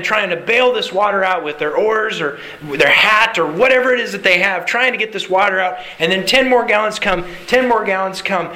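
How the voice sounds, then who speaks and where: A male pastor with a high voice preaches a sermon in an animated, conversational style packed with rhetorical questions. The audio is poor.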